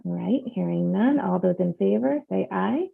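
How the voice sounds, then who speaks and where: Lady chairing a board meeting, gravelly voice, tinny phone-ish sound, lots of ums. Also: mid-range voice, animated. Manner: measured, with frequent fillers.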